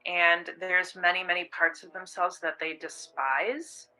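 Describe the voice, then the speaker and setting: A woman commentator calmly explaining psychological tactics in a documentary interview. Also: on the low side, measured pace, rough recording. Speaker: expert commentator on abuse.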